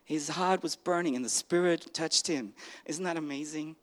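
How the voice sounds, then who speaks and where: A man shares a personal testimony before a congregation, his voice sitting a touch high for a man. He talks haltingly, stopping and restarting often, and slips into the voices of the people in his story as he recounts their exchanges. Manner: halting, frequent restarts, acts out the dialogue. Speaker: church member giving a testimony.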